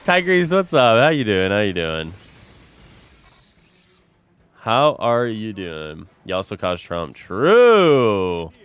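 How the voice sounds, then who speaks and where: Animated low-voiced young streamer guy. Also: slow pace, pauses often, clean tone. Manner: animated, swears a lot, says bro constantly. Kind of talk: casual chat with a live stream audience.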